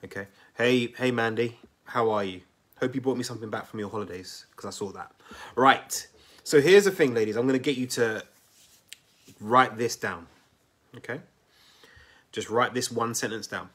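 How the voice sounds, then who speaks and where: A man hosting a live coaching stream on weight loss, talking straight to his viewers in a chatty, energetic way and often checking in with "right?" and "okay?". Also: medium pitch, moderate pace, pauses often, husky.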